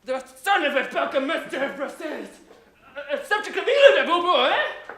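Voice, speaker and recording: A man's voice: high-pitched, moderate pace, bright, forceful tone. A young man playing a sly Irish priest who pretends to be foreign, blustering and flustered on a school stage. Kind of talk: stage acting in a school play. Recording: echoey stage with faint hiss.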